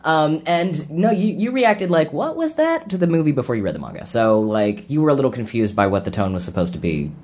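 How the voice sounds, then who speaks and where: A man talks fast with a lively, bouncing pitch in a casual podcast chat. He jumps in quickly with his own recollections and often cuts in on his co-host. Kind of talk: casual film review chat.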